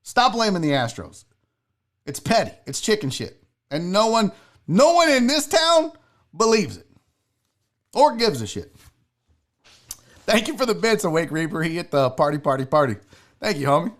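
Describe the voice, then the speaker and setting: A man hosting a solo sports talk show, ranting loudly and mockingly with lots of swearing. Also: sits high, very animated, moderate pace, long pauses. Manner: loud, mocking, profane ranting.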